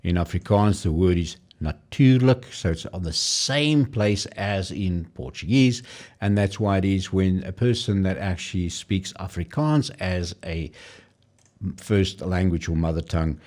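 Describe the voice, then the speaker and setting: Low-voiced man explaining pronunciation. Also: expressive, darkish tone. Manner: explanatory, pausing to demonstrate pronunciations. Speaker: language tutorial presenter. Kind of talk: casual screen-share tutorial.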